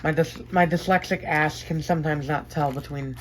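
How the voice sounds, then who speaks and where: A woman's voice: deep voice, fairly even intonation, normal speed, slight background noise, low-quality recording. Chatty enthusiastic woman unboxing collectibles. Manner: enthusiastic, chatty, rambling with fillers and self-corrections. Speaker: diecast collector vlogger. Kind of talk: casual unboxing chat. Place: bedroom.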